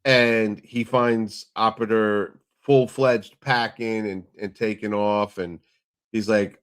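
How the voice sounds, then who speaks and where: A man's voice: lowish voice, fairly even intonation, takes it slowly, a bit bright. A man co-hosting a casual TV recap chat, steadily explaining the plot step by step. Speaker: podcast co-host.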